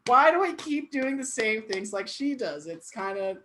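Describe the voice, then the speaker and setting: A woman's voice: a little high, very animated, normal speed, sharp tone, a little hiss or hum, low-quality recording. A woman hosting an online comedy show, joking and self-deprecating, laughing often. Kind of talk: casual stand-up hosting.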